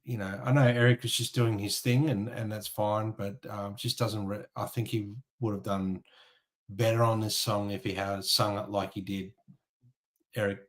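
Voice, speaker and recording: A man's voice: fairly low pitch, flat delivery, moderate pace. A man co-hosting a casual album review chat, frank and a little hesitant. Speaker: co-host.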